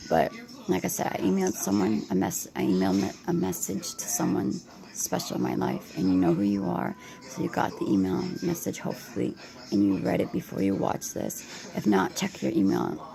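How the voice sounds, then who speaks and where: A woman talking to her camera at home in a rambling late-night vlog, tired and anxious, halting and restarting often with many fillers. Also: on the low side, creaky, poor audio. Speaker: vlogger.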